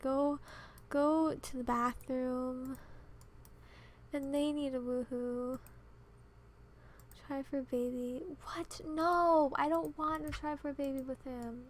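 A young woman with a high voice talks over her game at a home desk mic, casual and exasperated. She mutters at the characters and complains openly. Faint noise sits under the recording. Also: vocal fry, darkish tone. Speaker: gaming channel host. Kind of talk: casual gameplay commentary.

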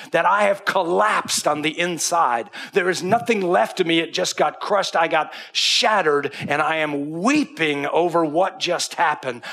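A pastor delivers a sermon in a bright, slightly husky voice that sits somewhat high for a man. Whenever he quotes figures from the Bible, he drops into a hushed near-whisper.

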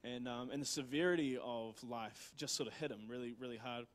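Speaking at a fairly quick pace in a mid-range voice, a man with a New Zealand accent tells a missionary's story as casual sermon storytelling in a church talk. He rambles, with lots of fillers and restarts.

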